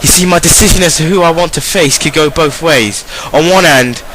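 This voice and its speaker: A man's voice: on the high side, brisk, a bit bright, a little hiss or hum, natural voice. A man voicing a cocky male wrestling contender with an English accent, boasting and trash-talking.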